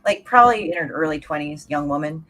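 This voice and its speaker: A guest on a podcast panel chatting casually and recounting stories in an animated way. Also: mid-range voice, fast talker, soft background music.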